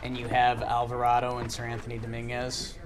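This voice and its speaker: A man hosting a casual watch-along chat about a ballgame, animated and excitable. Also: medium pitch, fairly quick, very noisy. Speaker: host. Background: game broadcast crowd.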